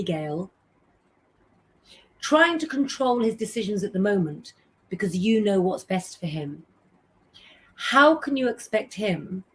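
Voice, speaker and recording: A middle-aged woman hosts an informal live stream in her mid-range voice, chatting along. She calls out viewers' names, reads their messages and hands out tarot advice.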